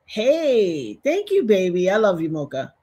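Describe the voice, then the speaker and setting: A woman hosting a casual livestream, reading viewer comments aloud and talking straight to her audience in an animated way. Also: mid-range voice, measured pace, lo-fi sound. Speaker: livestream host.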